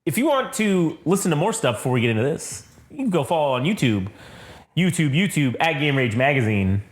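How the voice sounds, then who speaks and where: A man's voice: on the high side, big pitch swings, a little fast. Rambling, cursing podcast guy in an echoey room. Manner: rambling, swearing a lot, self-mocking. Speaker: podcast co-host. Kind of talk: casual comic-book chat.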